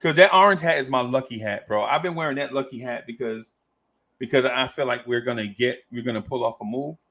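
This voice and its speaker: A man's voice: medium pitch, fairly quick, fairly bright tone. A man hosting a casual live-stream chat, reading viewer comments aloud in a playful way and often repeating his own phrases. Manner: playful, laughs easily. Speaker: host of a fan talk stream.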